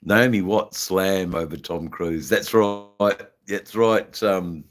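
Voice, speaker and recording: A man's voice: low-pitched, slow, hardly any pauses. An Australian man hosting a casual live stream, rambling with lots of fillers and slang while smoking. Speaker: livestream host.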